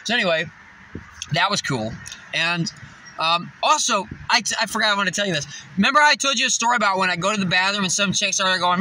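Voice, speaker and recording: A man's voice: sits high, expressive, a little fast, sharp tone, slight background noise, rough recording. A man vlogging from a parked car, ranting bluntly and swearing constantly. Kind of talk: profane ranting monologue. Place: parked car in a parking lot.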